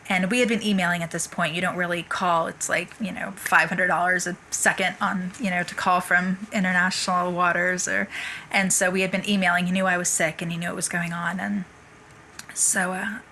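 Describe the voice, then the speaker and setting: Bright-voiced woman telling a personal story. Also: fairly low pitch, flat delivery, brisk, a little hiss or hum. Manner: earnest, tumbling narration with asides and self-quoting. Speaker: interview guest.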